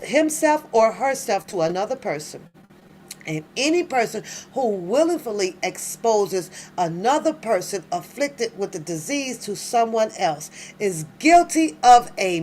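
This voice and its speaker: Laughing, animated woman reacting to a legal filing. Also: on the high side, a little hiss or hum. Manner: animated, laughs often, exclaims to her audience. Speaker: reaction channel host. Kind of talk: casual reading and reaction commentary.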